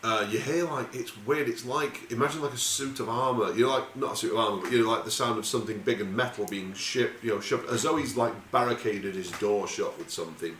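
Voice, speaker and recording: Casting: low-voiced man as a chatty game master, in an echoey room with faint hiss. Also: brisk, few pauses, a bit bright. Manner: rambling, casual, swearing freely. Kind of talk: narrating a tabletop game.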